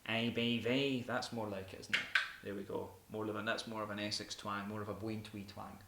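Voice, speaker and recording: A man's voice: fairly low pitch, flat delivery, fairly quick, creaky. A man hosting a casual beer review, joking and rambling with a friend. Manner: joking, rambling, with frequent laughter. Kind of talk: casual chat. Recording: roomy echo with faint hiss.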